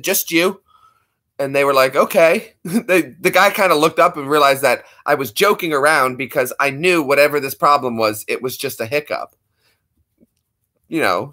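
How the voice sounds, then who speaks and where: A man's voice: medium pitch, sharp tone. A man in his thirties, co-hosting a casual stream and telling stories in a joking way, laughing often. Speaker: livestream co-host. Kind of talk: casual storytelling chat.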